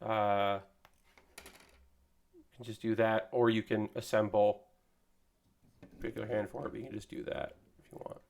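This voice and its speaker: A man's voice: fairly low pitch, level tone, normal speed, creaky, pauses often, darkish tone. Man, stream host, casual rambling chat, lots of fillers, talks while building. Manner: rambling, chatty, with many fillers and restarts; talks while assembling a model kit. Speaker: streamer building model kits.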